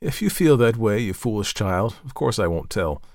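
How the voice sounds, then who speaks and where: A man's voice: lowish voice, lively intonation, normal speed, a little mellow, no echo, clean studio sound. A man reading a hearty, teasing young brother.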